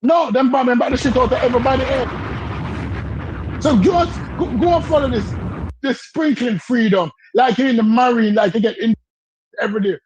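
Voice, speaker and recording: A man's voice: very high voice, moderate pace, husky, no room sound, rough recording. A man ranting in a heated podcast debate, building his point with repetition and mocking chants.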